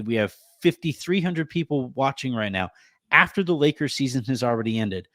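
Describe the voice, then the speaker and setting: A man in his thirties hosting a sports podcast from home, holding back tears as he gives a rambling, halting thank-you full of restarts and fillers. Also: mid-range voice, no echo. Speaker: podcast host.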